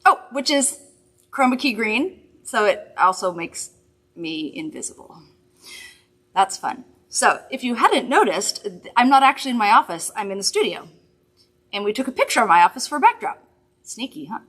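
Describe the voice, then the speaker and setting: A woman's voice: fairly high pitch, sing-song, moderate pace, fairly bright tone. A woman hosting a live makeup demonstration from a studio, chatty, upbeat and reassuring as she works. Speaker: makeup host.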